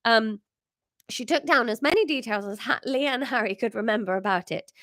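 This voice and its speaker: A woman's voice: on the high side, brisk, fairly bright tone, dry recording, clean studio sound. A woman in her thirties reading her own comic story aloud, with chatty, self-mocking asides.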